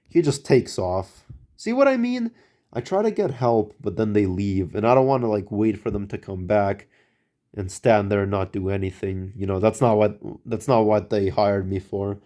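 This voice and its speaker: Mellow-voiced rambling male storyteller. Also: fairly low pitch, moderate pace. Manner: rambling, hesitant, many fillers and restarts. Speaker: vlogger telling a story. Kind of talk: casual storytelling.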